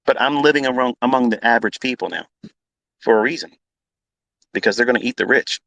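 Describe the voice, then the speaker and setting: A blunt, combative man rants off the cuff about trading and swears freely. He repeats points over and over to hammer them home. His voice sits at an ordinary male pitch and sounds dry and close, with no room around it. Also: fast, vocal fry, pushed and bright, no room sound, rough recording. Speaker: trading educator on a live audio space. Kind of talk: unscripted profane rant.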